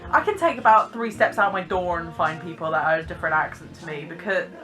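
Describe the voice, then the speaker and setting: A young woman with a posh English accent and a bright, clear voice. She talks in a lively, theatre-trained way, enunciating crisply as she gives casual commentary. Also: fairly low pitch, fast, faint music behind. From Britain. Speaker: vlogger.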